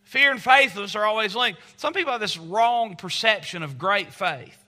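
A man's voice: high voice, normal speed, pushed and bright. A middle-aged man preaching a sermon, telling stories and acting out quoted voices. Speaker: pastor.

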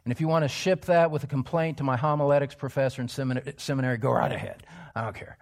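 A male pastor preaching an expository sermon in a church, emphatic, dropping to hushed asides and rising to loud exclamations. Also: medium pitch, fairly even intonation, fast talker.

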